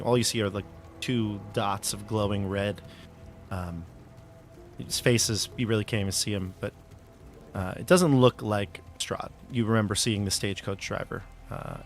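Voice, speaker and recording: A man narrating as game master of a tabletop game, chatty and loose, with fillers and restarts. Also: lowish voice.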